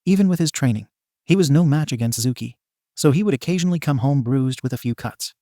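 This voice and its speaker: Male narrator, audio story, steady even reading, mid-pitched voice, close dry recording. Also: quick pace, dry recording.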